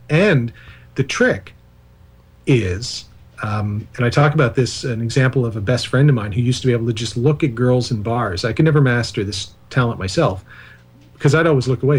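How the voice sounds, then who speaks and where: A male author talks through his ideas as a radio interview guest. He wanders into side stories and jokes at his own expense. His voice sits at an ordinary middle pitch. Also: darkish tone, slightly rough. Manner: discursive, digressive, self-deprecating asides.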